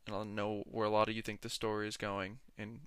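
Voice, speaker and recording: A man's voice: on the low side, monotone, a little fast, a bit bright, smooth, dry recording. A young man hosting a solo podcast, talking in a rambling, jokey, ranting way into a close mic. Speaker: podcast host. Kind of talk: casual solo podcast monologue.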